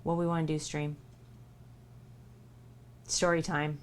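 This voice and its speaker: A woman's voice: low-pitched, level tone, slow. A woman hosting a live stream, chatting playfully and reading a booklet aloud. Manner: playful, jokey, laughs often. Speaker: livestream host.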